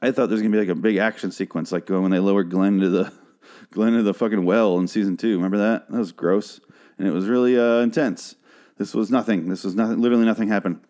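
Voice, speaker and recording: A man's voice: fairly low pitch, steady tone, fast, a little mellow. A young man hosting a podcast, recapping a TV episode in a casual, profane, rambling rant full of fillers.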